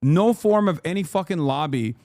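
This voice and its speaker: A man's voice: fairly high pitch, lively intonation, moderate pace, a little mellow, dry recording. A man reacting to an interview clip in casual commentary, blunt and profane, mocking the clip and laughing often.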